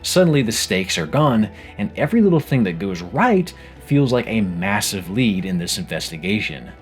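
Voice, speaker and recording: A man with a fairly low voice narrates a scripted game review, his delivery swinging widely up and down in pitch. He talks in a wry, self-mocking way, with faint music playing underneath. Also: sing-song, moderate pace. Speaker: game video creator.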